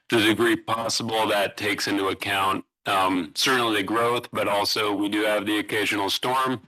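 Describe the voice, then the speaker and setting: A man giving a presentation at a public meeting, explaining in a halting way with many restarts. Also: fairly low pitch, pushed and bright, rough recording. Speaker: utility presenter. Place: city hall meeting room.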